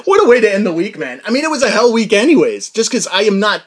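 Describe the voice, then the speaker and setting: A man hosting his own podcast, telling a story in a casual chat, excitable and swinging from loud laughing outbursts to low mutters. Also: breathy edge. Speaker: podcast host. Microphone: podcast mic.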